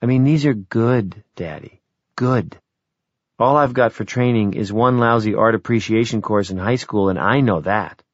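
A man's voice: on the low side, normal speed, dry recording, lightly acted. A man voicing an insistent grown daughter. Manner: coaxing, persistent. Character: young adult daughter, earnest and insistent. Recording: dry, dull lo-fi audio.

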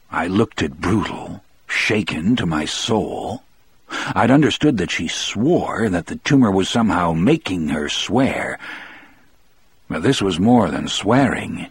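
A man reads a first-person audiobook in a measured, reflective way. His voice is lowish and a little husky. The recording is dry and close, with no room sound. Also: animated, no echo. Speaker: audiobook narrator.

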